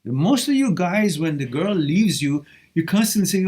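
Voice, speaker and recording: A man hosting a live question-and-answer stream, reading viewer questions aloud and answering them with blunt, animated tough-love advice. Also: high-pitched, measured pace. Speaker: live Q&A host giving relationship advice.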